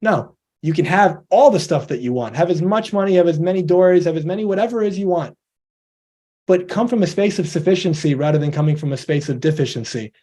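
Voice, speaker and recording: Guy giving a motivational talk, kinda high voice but mellow, earnest and chatty. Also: animated, a little fast. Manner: earnest, conversational, acts out quoted voices. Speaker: investor education presenter.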